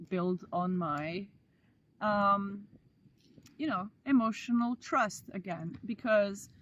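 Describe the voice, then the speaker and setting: A woman's voice: medium pitch, fairly bright tone, slight background noise. A woman giving a casual tarot reading to her viewers, chatty and slangy, with playful asides. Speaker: tarot reader.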